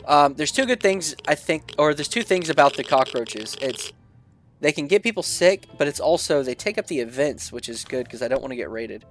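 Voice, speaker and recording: A man's voice: a little high, animated, brisk, faint music behind. A man commenting casually while he plays a game, muttering his choices and reading the event text aloud. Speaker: gameplay video creator.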